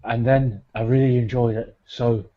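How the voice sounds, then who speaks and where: Guy doing a big greedy wrestler, low sheepish mumble, kinda dull lo-fi audio. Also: fairly even intonation, moderate pace, lightly acted. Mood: sheepish confessing. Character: hulking older male wrestler, greedy and sheepish.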